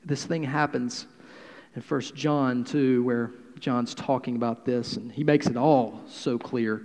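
A man in his thirties preaching a sermon in a conversational, humorous way, swinging between loud and quiet. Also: mid-range voice, steady tone, unhurried, long reverb tail. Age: 30s. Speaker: pastor.

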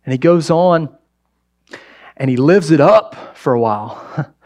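This man, a pastor, talks to his congregation conversationally during a sermon, jumping from loud exclamations to quiet asides. His voice sits on the high side, animated but at a measured pace.

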